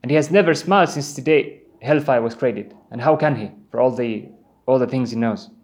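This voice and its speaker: A man's voice: mid-range voice, brisk. A man giving an earnest Islamic sermon, telling vivid stories and reciting Quran verses in Arabic. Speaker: preacher.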